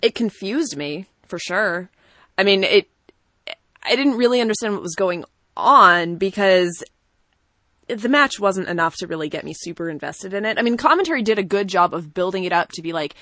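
Woman, podcast co-host, casual animated chat, laughs a lot, dry close sound. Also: mid-range voice, moderate pace, dry recording. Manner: animated, laughs often, acts out voices in quotes. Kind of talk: casual chat about wrestling.

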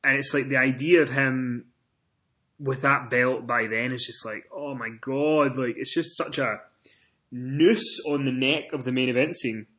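A man co-hosting a casual wrestling podcast, telling stories with animated swings in pitch and loudness. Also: measured pace. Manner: animated storytelling, rises in pitch and volume when excited. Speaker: podcast co-host.

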